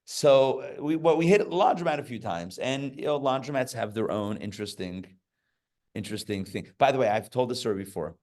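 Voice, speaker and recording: A man's voice: medium pitch, a little fast, a little mellow. A man, a rabbi, teaching a live class in a casual, chatty way, with joking asides and frequent fillers and restarts. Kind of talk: casual Torah class with stories. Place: live class before an audience.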